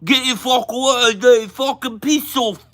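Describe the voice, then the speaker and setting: A man putting on a slurred, shouty mock Cockney accent, playing a rough male film thug who spouts profane gibberish. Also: very high voice, moderate pace, pitched above the performer's own voice. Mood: rowdy. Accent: mock thick Cockney.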